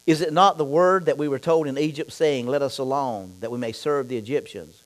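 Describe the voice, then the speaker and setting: A male pastor preaching a sermon, reading scripture and then talking straight to the congregation, dropping low for asides and getting loud and fired up in other stretches. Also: a little fast, low-quality recording. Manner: reads scripture aloud and talks straight to the congregation.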